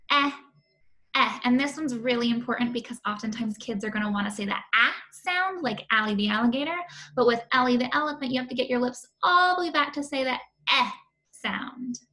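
A young woman teaching kindergarten phonics, saying each sound slowly and clearly to show it to children. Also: fairly high pitch, bright, forceful tone. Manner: slow, drawn-out sounds demonstrated with movements. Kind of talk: classroom phonics demonstration.

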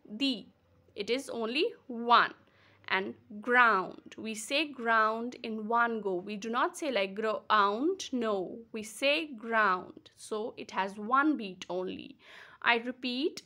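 A woman teacher from Kashmir speaks with an Indian English accent in a bright, fairly high voice. She talks slowly and patiently, repeating words and breaking them into syllables for young learners. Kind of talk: slow classroom explanation.

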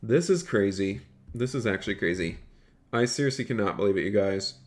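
A man live-streaming a roleplay game, chatting excitedly with his viewers and calling out to customers, often repeating his phrases. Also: on the low side, brisk. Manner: excitable, chatty, talks straight to his chat; repeats phrases, calls out in a raised shop-counter voice. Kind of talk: live gaming stream commentary.

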